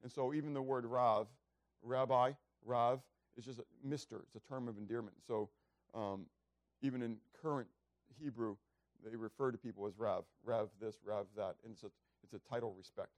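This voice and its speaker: Pastor, male, mid-pitched, preaching casually with dramatic shouted bits, dry room. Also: steady tone, moderate pace, dry recording. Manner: conversational preaching with rhetorical questions; acts out biblical speeches with loud raised voice. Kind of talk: sermon.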